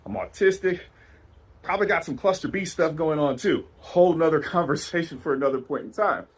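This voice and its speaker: A man's voice: on the high side, brisk, breathy edge, poor audio. A man giving a lecture-style talk in a passionate, emphatic way. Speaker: speaker in a played talk clip.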